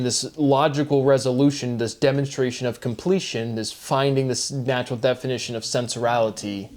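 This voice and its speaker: A man alone, talking through wordplay in a slow, questioning musing monologue. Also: medium pitch, darkish tone. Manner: slow, questioning, breaks into laughter. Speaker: solo video host. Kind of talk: musing monologue on word forms.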